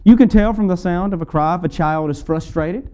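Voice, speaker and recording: A man's voice: sits high, fairly quick, warm tone, smooth. A man preaching a sermon, building with emphatic repetition and rising fervor. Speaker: pastor.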